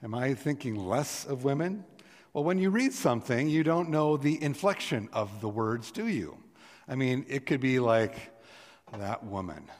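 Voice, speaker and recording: A man's voice: medium pitch, lively intonation, moderate pace. A middle-aged man, a pastor, reading scripture and preaching a sermon in an earnest way, swelling with emphasis on key words. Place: church sanctuary. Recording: long reverb of a church sanctuary.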